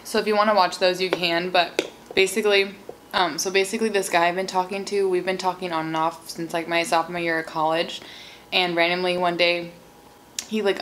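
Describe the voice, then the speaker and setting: A woman's voice: lowish voice, flat delivery, a little fast, fairly bright tone, a little hiss or hum, low-quality recording. A young woman from Seattle in her twenties, chatting casually and bubbly on her channel while eating cake, with lots of "like" and "um". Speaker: mukbang vlogger.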